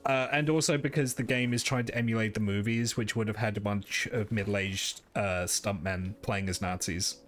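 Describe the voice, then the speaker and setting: Male streamer, casual let's-play chatter, self-deprecating, rambling, lowish voice. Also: fairly even intonation, normal speed, few pauses, fairly bright tone.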